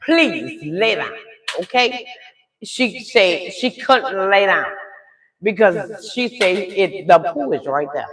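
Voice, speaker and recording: A middle-aged woman telling a story live in a casual way, animated and talking straight to her audience. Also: medium pitch, takes it slowly, roomy sound, slight background noise, poor audio.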